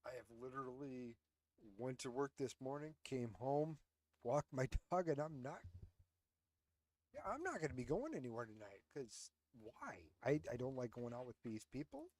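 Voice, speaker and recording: Recorded close on a headset at home, a man hosts his own casual commentary show, ranting with blunt sarcasm and lots of swearing. His medium-pitched voice is animated and somewhat dark in tone, moving at a moderate pace.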